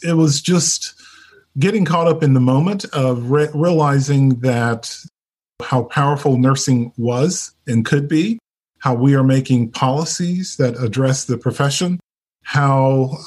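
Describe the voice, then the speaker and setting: A man's voice: mid-range voice, a little mellow, slightly rough. A man from North Carolina, a guest telling his story in a casual interview, chatty, with lots of fillers and laughter. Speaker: interview guest, nurse leader.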